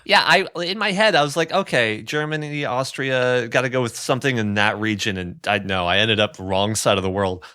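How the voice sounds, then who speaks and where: A man who is the storyteller of a tabletop game podcast, reading the outro and chatting in a relaxed, self-deprecating way. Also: mid-range voice, brisk, few pauses, smooth, no echo, studio quality. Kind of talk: podcast outro and casual chat.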